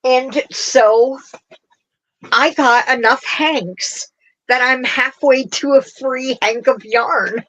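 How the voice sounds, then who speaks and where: Her voice sits high and a bit bright, and she speaks slowly, though the audio sounds dull. She hosts a craft livestream, chatting casually with viewers, rambling and laughing often.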